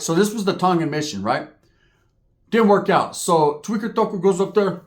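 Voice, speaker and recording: Animated man telling a profane comic story. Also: high voice, moderate pace. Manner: animated, acts out characters, constant "right?" tags.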